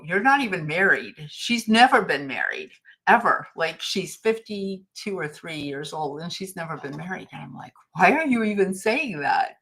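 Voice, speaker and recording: Middle-aged woman, lowish voice, anecdotal livestream host with a chatty, laughing delivery. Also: fairly bright tone. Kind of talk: casual motivational talk.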